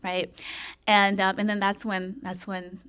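A woman talking in a casual podcast conversation, candid and expressive, swearing freely and acting out her old thoughts. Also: medium pitch, measured pace, clean tone. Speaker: podcast guest.

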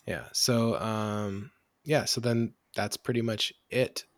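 A man hosting a casual podcast chat who talks in an animated way, laughing often and using many fillers. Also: lowish voice, slow, no echo, clean studio sound. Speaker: podcast host.

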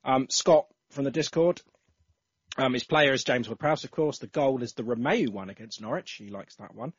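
A man hosts a casual football podcast, reading out listener entries with lots of ums and uhs. His voice is medium-pitched and slightly rough at a moderate pace, with no room sound. The audio is slightly dull and lo-fi.

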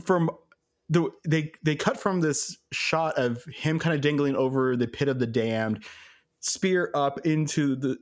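A man co-hosting a podcast, telling stories in a relaxed way and laughing often. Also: a little high, unhurried. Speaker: podcast co-host. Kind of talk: casual chat.

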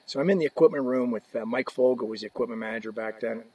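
A man's voice: mid-range voice, very fast, warm tone, breathy edge. A man in his fifties, a podcast guest, casually telling anecdotes and laughing as he goes. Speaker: guest, hockey equipment rep. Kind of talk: casual storytelling.

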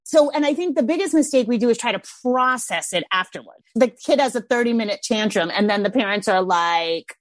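A middle-aged woman in casual chat, telling lively stories and swearing casually. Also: on the high side, fairly quick, dry recording. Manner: animated storyteller, swears casually.

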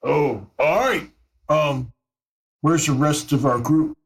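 A man's voice: on the high side, takes it slowly, gravelly. A man playing in a tabletop game, casual, joking and crude. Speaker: player.

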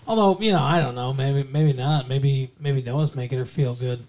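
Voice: medium pitch, moderate pace, few pauses, a little mellow. A podcast co-host recapping a TV episode in casual, profane, rambling chat.

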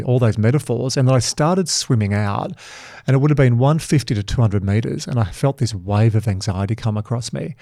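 A man's voice: medium pitch, normal speed, creaky, dry recording. A male podcast host with a mid-range voice tells stories with plenty of life, and he swears freely along the way. The sound is dry and close, with no room around him. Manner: lively storyteller who swears freely. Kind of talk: casual conversational interview.

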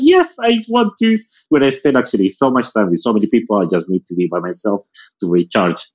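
A man's voice: on the low side, slightly rough, muffled recording. A male photographer chatting as a guest on a live audio show, speaking expressively and leaning often on "it's like". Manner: expressive, with many filler "it's like" phrases. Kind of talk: casual conversation on a live audio chat. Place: lives in England.

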